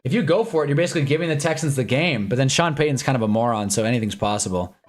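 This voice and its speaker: A man's voice: medium pitch, racing. Young male streamer, casual game-day chat, jumpy reactions, faint music underneath. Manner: excitable, swings from mumbling to shouting at plays. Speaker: live stream host. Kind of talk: casual live sports watch-along chat.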